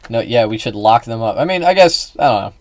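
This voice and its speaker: A man commenting on a video in a casual, halting way, with many fillers and restarts. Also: medium pitch, expressive, darkish tone, dry recording.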